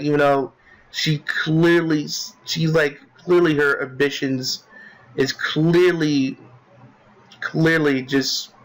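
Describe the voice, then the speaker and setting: Young male gamer commentator, a bit high-pitched, loose and rambling, worked up about a villain. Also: fairly bright tone, rough recording. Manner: rambling, many fillers and restarts; indignant about a character. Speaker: let's play commentator. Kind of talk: casual game commentary.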